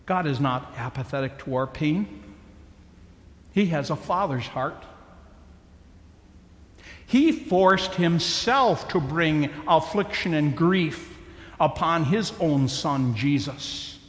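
A male preacher delivers a sermon in a slow, emphatic cadence with dramatic pauses. His voice rides high and swings widely in pitch. The recording is echoey, with a long hall reverb. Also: fairly bright tone.

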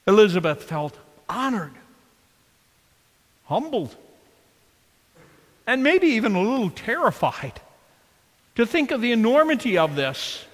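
A male pastor preaching a sermon, expressive and emphatic, often asking the congregation questions, in a church. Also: high-pitched, in a large hall.

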